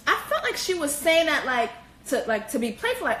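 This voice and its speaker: Animated, profane woman in an echoey room. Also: brisk, background noise. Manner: animated, slangy and profane, with high-pitched exclamations. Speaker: host. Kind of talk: casual reality-TV commentary.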